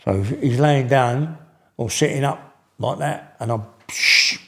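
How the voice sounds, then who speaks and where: An older man appears as a guest, telling stories casually in slangy, rambling speech with many restarts. His voice is mid-range and darkish, and he takes his time.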